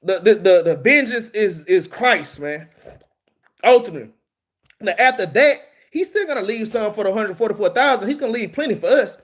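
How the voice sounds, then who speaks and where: Male preacher, Southern US accent, high-pitched, casual and punchy delivery. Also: expressive, normal speed, fairly bright tone. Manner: casual and emphatic, peppered with "man" and "all right?". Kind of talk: street-style scripture teaching.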